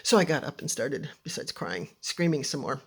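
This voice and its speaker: A woman telling a personal story to an audience in an animated, dramatic way, often dropping into hushed near-whispers. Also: low voice, normal speed, breathy edge.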